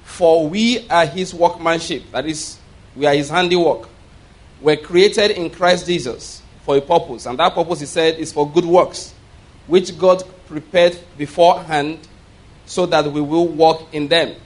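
A pastor preaches a sermon, reading scripture aloud and explaining it line by line while the congregation repeats words back to him. He leads this call-and-response, checks in with "all right?", and speaks a little slowly in a voice on the high side.

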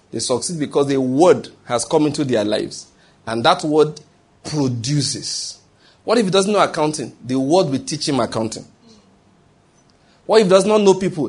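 A man's voice: fairly high pitch, a little mellow, husky. A man preaching a sermon, asking rhetorical questions and answering them himself with emphatic repetition.

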